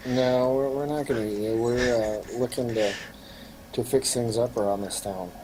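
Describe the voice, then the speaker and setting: A man's voice: medium pitch, steady tone, background noise. Friendly man playing a tabletop game. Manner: friendly, halting. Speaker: player. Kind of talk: in-character tabletop play.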